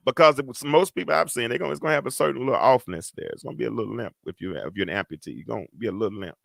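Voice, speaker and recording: A man's voice: medium pitch, rapid-fire, vocal fry, hardly any pauses, fairly bright tone, no room sound, clean studio sound. A middle-aged man, a preacher and host, delivering a sermon with an emphatic, repetitive cadence. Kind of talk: livestreamed sermon.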